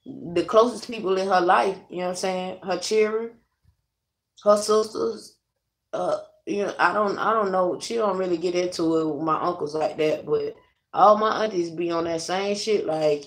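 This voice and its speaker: A woman's voice: lowish voice, moderate pace. A young adult woman venting to her viewers in a blunt, profane, rambling way. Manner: addresses viewers directly. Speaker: vlogger. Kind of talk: casual venting to camera.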